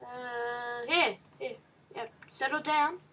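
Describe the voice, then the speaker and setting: Woman gamer, high voice, unhurried delivery, slightly off-mic; excitable let's-play commentary. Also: distant mic. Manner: excitable, reads game text aloud with reactions. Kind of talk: casual game commentary.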